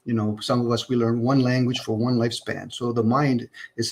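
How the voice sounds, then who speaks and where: A man's voice: medium pitch, little pitch movement, a little fast, few pauses, darkish tone. A man hosting a livestream, rambling through philosophical ideas with lots of rhetorical questions over an online call. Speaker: livestream host. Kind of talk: casual philosophical chat.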